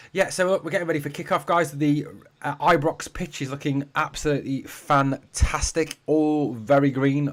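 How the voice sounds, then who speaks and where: A man with a northeast English accent talks through a live football watch-along from his home streaming setup. His pitch is mid-range for a man, and he keeps up a chatty, casual patter, calling his viewers mate and guys between comments. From Durham, northeast England. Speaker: football fan channel host. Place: home room being packed up for a move.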